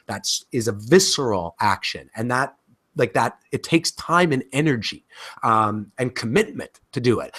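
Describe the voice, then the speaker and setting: Male course instructor, mid-pitched and very lively in intonation, casual talky delivery. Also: husky. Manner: animated, talkative, frequent fillers and restarts. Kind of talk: casual spoken lecture.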